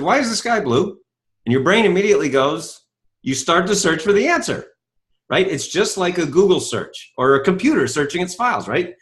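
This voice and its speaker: A middle-aged man giving a motivational talk, telling a story and acting out dialogue, with many rhetorical questions. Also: sits high. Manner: animated storytelling, acts out dialogue; asks rhetorical questions, says "right?" often. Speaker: self-help speaker.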